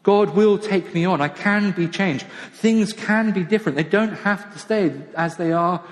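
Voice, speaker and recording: A man preaching a sermon in a church in a conversational, self-deprecating way, dropping into quiet asides. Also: high-pitched, normal speed. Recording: long church hall reverb.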